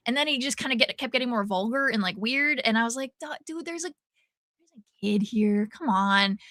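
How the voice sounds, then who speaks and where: Woman, bright forceful voice, slightly high, animated storyteller, casual chat, dry close sound. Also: dry recording. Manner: animated storyteller, quotes people in lively bursts. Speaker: podcast co-host.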